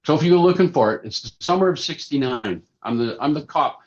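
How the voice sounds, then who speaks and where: A man in his sixties, a puppeteer and actor, chatting through animated anecdotes as a podcast guest. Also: a little high, fairly quick. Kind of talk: casual interview storytelling. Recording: slightly dull lo-fi sound.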